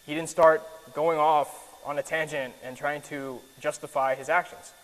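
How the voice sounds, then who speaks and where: Higher-voiced man preaching in a reverberant hall. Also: fairly even intonation, moderate pace, fairly bright tone. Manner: casual and earnest, many fillers and restarts. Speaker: preacher teaching a Bible lesson. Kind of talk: conversational sermon with slides.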